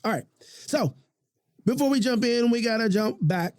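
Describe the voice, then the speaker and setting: In a recording studio with no room sound, a man hosts a podcast in a high-sitting, sing-song voice with a darkish tone and a brisk pace. His talk is casual, heartfelt and slangy, passionate and often repetitive.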